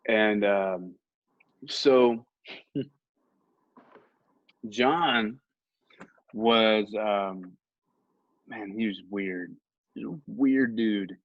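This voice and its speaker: A man's voice: fairly low pitch, extremely slow, pauses often, no room sound. A young man who hosts a podcast, casually telling a rambling, humorous anecdote at his own expense. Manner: rambling, humorous and self-mocking. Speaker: podcast host. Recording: dull lo-fi recording.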